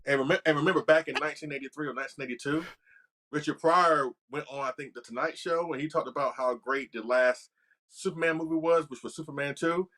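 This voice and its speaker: A man's voice: on the high side, steady tone, fast talker, a bit bright. A man co-hosting a casual podcast, talking enthusiastically with lots of "you know" and "like". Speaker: podcast co-host. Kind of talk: casual chat.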